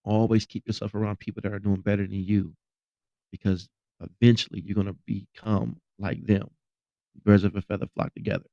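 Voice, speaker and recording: A man's voice: on the low side, steady tone, brisk, vocal fry, mellow, dry recording, lo-fi sound. A man hosting a podcast, sharing a personal testimony in an earnest, repetitive storytelling manner. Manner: earnest storytelling, repeats phrases. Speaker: podcast host.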